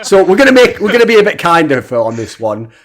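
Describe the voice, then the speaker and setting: A young man co-hosting a casual esports podcast, brash and profane, telling animated stories. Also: high-pitched, fast talker. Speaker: podcast co-host.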